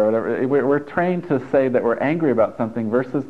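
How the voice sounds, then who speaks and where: A man's voice: medium pitch, animated, fast. A man, a therapist, talking a group through a workshop in a chatty, encouraging way with joking asides. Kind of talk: live workshop talk to a group. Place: stuffy indoor room with an audience. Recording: tinny phone-like lo-fi recording.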